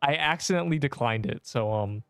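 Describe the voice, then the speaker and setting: A man's voice: medium pitch, expressive, brisk, fairly bright tone, clean tone, no echo. A young man streaming a game, joking and rambling as he teases the viewers in his chat. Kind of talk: casual gameplay livestream chat.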